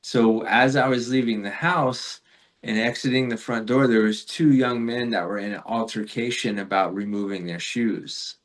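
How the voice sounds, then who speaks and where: A man in a podcast interview recounts his experiences in a loose, rambling way, full of fillers and little laughs. His voice sits at an ordinary middle pitch for a man, and his delivery is reflective and unhurried. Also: fairly even intonation. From Florida. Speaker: podcast guest. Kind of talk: casual storytelling in a spiritual interview.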